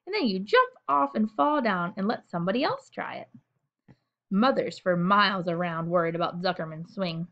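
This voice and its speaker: Expressive woman reading a bedtime story. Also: medium pitch, normal speed, muffled recording. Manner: gentle, expressive, chatty asides.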